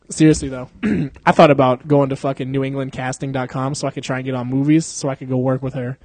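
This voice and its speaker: A man's voice: medium pitch, steady tone, fast talker, a little mellow, no room sound. A young man hosting a podcast in casual chat, swearing and laughing often as he jokes around. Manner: crude, joking, laughs often, swears a lot. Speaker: podcast host.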